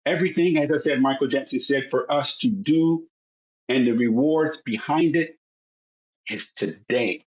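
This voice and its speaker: A man in his sixties recounts his family story as a podcast guest, with a middle-pitched voice. He tells it in an animated way, acting out his relatives' voices as he goes. The sound is a little dull and lo-fi. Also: unhurried. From United States. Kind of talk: personal storytelling.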